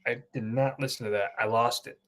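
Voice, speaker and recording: A young man hosting a casual wrestling chat, an excitable storyteller who swears freely. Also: mid-range voice, a little fast. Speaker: podcast host.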